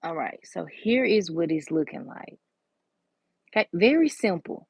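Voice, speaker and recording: A woman talks in a low, gravelly voice, chatty and sassy with plenty of slang. She tells stories casually while working on nails, recorded close and dry. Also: expressive, unhurried, no echo, muffled recording. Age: 30s. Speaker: nail art vlogger.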